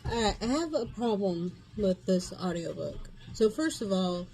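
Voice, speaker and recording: A woman's voice: medium pitch, lively intonation, measured pace, vocal fry, dark tone, slightly rough. A woman vlogging casually about a book she's reading, rambling and thinking aloud. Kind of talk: casual chat.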